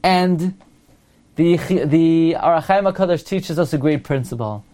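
A man, his carrying a lilt, gives a Torah class in a fairly high voice. He poses one question after another and slows down to read each verse. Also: dark tone. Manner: asks rhetorical questions, quotes Hebrew verses slowly. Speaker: rabbi teaching Torah.

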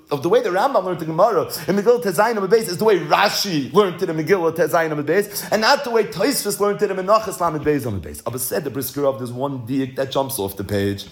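Animated man teaching a Talmud lesson. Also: sits high. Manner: chants the Hebrew texts in a study-hall singsong, then explains in English; animated, uses rhetorical questions. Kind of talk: Talmud study lecture.

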